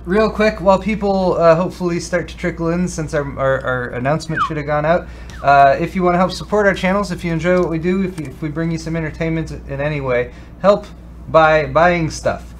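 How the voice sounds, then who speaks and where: A man co-hosts a casual tech chat with a fairly high voice, stumbling through plugs and announcements with many fillers and restarts. A faint hum sits under the recording. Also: fast talker. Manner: rambling, restarts with many ums and uhs. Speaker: co-host.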